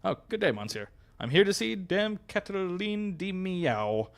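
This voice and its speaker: A man's voice: sits high, very animated, unhurried, voice pushed up, exaggerated voice. A man voicing a polite, formal male falcon lawyer in a video game.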